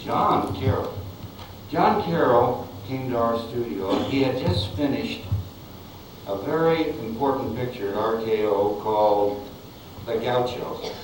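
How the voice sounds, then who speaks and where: An older film director with a medium-pitched, slightly mellow voice rambles unhurriedly through anecdotes about his old Westerns in an interview, chuckling and restarting his sentences. The far mic picks up an echoey room and background noise.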